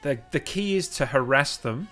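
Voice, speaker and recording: A man's voice: mid-range voice, lively intonation, moderate pace, sharp tone, soft background music. A man hosting a livestream, upbeat and chatty, thanking viewers by name. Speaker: host. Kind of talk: livestream chat.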